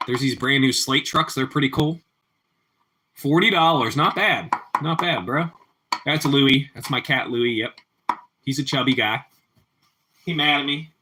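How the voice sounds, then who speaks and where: Male livestream host, bright forward voice, casual kitchen chat, repeats himself. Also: mid-range voice, measured pace, long pauses, slight background noise. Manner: relaxed, answers viewer chat, often repeats his phrases. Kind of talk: casual chat while cooking. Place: home kitchen.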